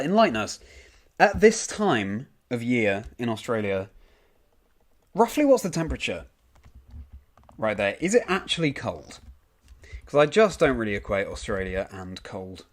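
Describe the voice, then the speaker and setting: A man's voice: mid-range voice, very animated, moderate pace, pauses often. A young man streaming a game, casually reading out and answering chat messages with frequent ums. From United Kingdom.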